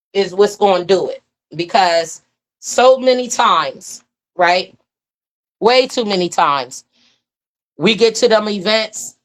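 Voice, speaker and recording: A woman showing off her own hair and beard care line in a casual, enthusiastic demo, with folksy talk and drawn-out oohs. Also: medium pitch. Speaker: product seller demonstrating her own line.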